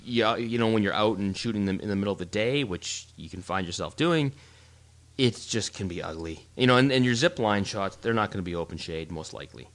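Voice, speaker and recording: A man with a somewhat low voice talks through his photo shoots in casual podcast chat. He explains in an animated, rambling way, often restarting sentences. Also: brisk.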